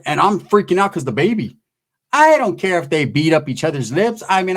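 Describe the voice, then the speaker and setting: Crude comedian, slightly high voice. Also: male voice. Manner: crude, rambling, tags lines with "right?"; acts out voices of people in the story. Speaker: stand-up comedian. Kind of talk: stand-up storytelling.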